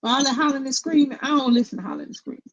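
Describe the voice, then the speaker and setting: A middle-aged woman co-hosting casual commentary, blunt and opinionated in a steady, even tone. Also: high voice, rapid-fire, muffled recording. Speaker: co-host.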